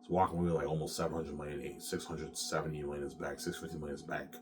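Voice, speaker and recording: A man's voice: extremely low pitch, flat delivery, rapid-fire, distant mic, background noise. A man rambling casually to his viewers, repeating himself and tossing in "man" and "yeah". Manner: repetitive, keeps saying "man" and "yeah".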